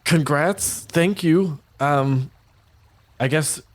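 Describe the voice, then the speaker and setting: A man voicing a seasoned mother who calmly reassures everyone she has seen it all. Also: fairly high pitch, very slow, voice pushed up. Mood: proud. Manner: reassuring and matter-of-fact.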